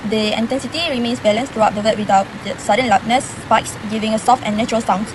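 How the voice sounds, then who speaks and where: A woman student giving a scripted presentation on pronunciation, in a measured and careful explanatory manner. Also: on the high side, steady tone, noisy background. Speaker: university student presenting an assignment.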